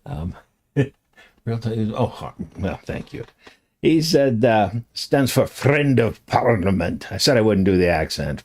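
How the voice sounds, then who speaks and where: Slow, rambling older man hosting a stream. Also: lowish voice. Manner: rambling, chatty, trailing asides. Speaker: host. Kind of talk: casual live-stream talk.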